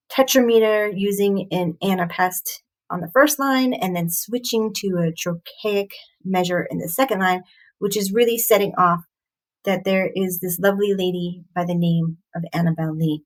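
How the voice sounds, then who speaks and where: A woman reviewing a poem, explaining its meter in a halting, thoughtful way with frequent pauses and fillers. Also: fairly low pitch, poor audio. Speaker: poetry reviewer. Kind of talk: explaining poetry analysis.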